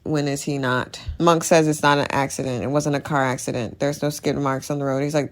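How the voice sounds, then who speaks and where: A woman's voice: sits low, fairly even intonation, brisk, few pauses. A woman casually recapping a TV episode, opinionated and emphatic, repeating words to drive a point home. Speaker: TV recap YouTuber.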